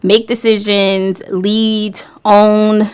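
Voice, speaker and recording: A woman's voice: medium pitch, level tone, very slow, clean tone. A woman hosting a radio talk show, speaking in an upbeat, enthusiastic way as she introduces her show and her guest. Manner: upbeat, enthusiastic promotional delivery.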